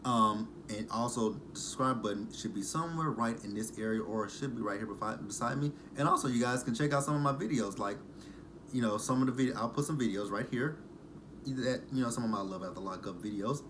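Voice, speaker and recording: A man's voice: medium pitch, fairly quick, background noise. A man with a mid-range voice talks casually into the camera, sarcastic and loose. He swears now and then and keeps a chatty, mocking tone as he recaps the show. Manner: chatty, sarcastic, uses profanity. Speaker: reality TV recap host. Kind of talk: casual reaction vlog.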